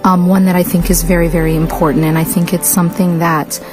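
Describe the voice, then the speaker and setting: A woman hosting a religious radio talk, a little sick, speaking reflectively with many pauses and restarts. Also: fairly low pitch, level tone, over music. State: sick, voice coming in and out. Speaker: radio show host and Islamic lecturer.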